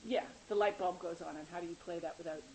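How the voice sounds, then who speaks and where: A woman's voice: lowish voice, steady tone, quick pace, background noise. Woman, actress, casual commentary, chatty, laughs easily.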